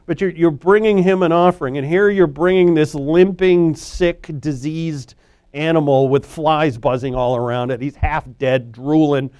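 A man preaching an expository sermon in a conversational, animated way, often restarting his sentences. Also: on the high side, normal speed, clear, resonant tone, dry recording, dull audio. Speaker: pastor; former high school teacher.

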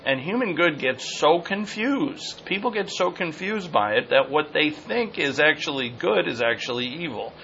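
A man teaching a Bible passage verse by verse in an earnest, repetitive way, sometimes pausing to search for a word. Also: a little high, animated, gravelly, pushed and bright. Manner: earnest, repetitive, searching for words mid-sentence. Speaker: pastor. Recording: dull lo-fi sound with faint noise.

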